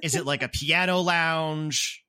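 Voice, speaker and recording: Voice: medium pitch, measured pace, pushed and bright, smooth. A game master narrating a tabletop game in a chatty way with many fillers.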